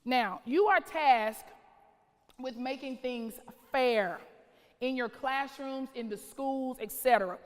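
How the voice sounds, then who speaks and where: Keynote speaker: woman, late 30s, fairly high voice, dramatic rhetorical delivery, reverberant hall. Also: takes it slowly. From North Carolina. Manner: dramatic, strings of rhetorical questions, shifting pace. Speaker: keynote speaker, school principal. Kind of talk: keynote speech. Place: large conference hall.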